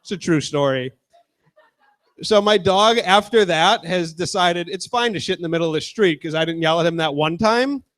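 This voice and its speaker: A stand-up comedian in his twenties does a crude, chatty set, casually talking with the crowd. His voice sits high with a fairly bright tone, and he moves at a moderate pace.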